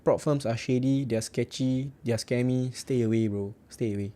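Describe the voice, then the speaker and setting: A man's voice: medium pitch, steady tone, normal speed, mellow. A young man with a Singaporean English accent hosting a casual trading livestream, reading out viewer comments and tagging "right" onto his sentences in a blunt, joking way. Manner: chatty, repeats "right" often, blunt and joking. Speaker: forex trading livestream host.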